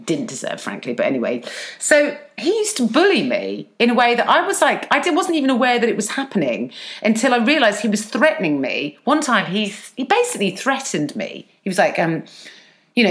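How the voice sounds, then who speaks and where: A middle-aged woman chatting casually, telling animated stories with frequent laughter. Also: mid-range voice, brisk. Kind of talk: casual chat.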